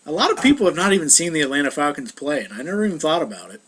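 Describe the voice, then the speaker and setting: A man's voice: fairly high pitch, very animated, very fast, a bit bright, husky. A young man ranting in a casual, heated vlog monologue, sounding exasperated. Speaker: vlogger.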